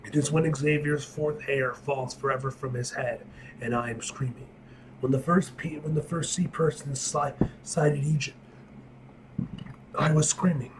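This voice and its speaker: A man reading aloud the lines of a cosmic woman reciting a vision, in a low, flat voice that stumbles over names. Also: unhurried, background noise, natural voice. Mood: solemn.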